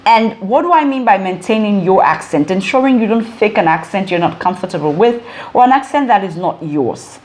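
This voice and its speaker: A woman's voice: mid-range voice, expressive, fairly quick, darkish tone. A woman in her forties, a former broadcaster, giving communication advice straight to camera with emphatic, repeated phrasing. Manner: emphatic, list-like repetition of phrases. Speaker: vlogger and communication coach. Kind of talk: direct-to-camera advice talk.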